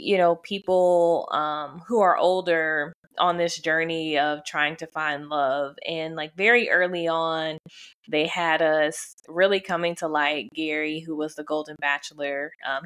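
A woman's voice: fairly low pitch, fairly bright tone. A young woman co-hosting a casual chat, recapping with lots of fillers and little laughs. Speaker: podcast co-host.

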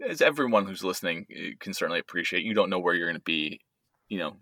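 A man's voice: low voice, lively intonation, fast talker, sharp tone, dry recording, studio quality. A man in his thirties co-hosting a podcast, chatting easily and rambling a little, often restarting his sentences. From United States. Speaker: podcast co-host. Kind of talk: casual family chat.

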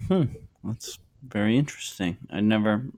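A man's voice: fairly low pitch, normal speed, a little mellow. A man hosting a podcast, chatting casually and teasing his guest with jokes. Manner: joking, teasing. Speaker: podcast host.

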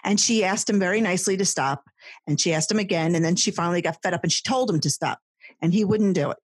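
A woman in her thirties co-hosting a podcast, telling a story in a chatty, animated way in casual conversation. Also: fairly low pitch, quick pace, husky, no echo. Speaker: podcast co-host. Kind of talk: casual chat.

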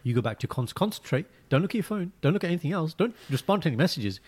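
A man chatting casually as a podcast co-host, telling stories and acting out quotes in lively voices. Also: a little high, very fast, breathy edge. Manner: animated storyteller, acts out quotes. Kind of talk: casual chat.

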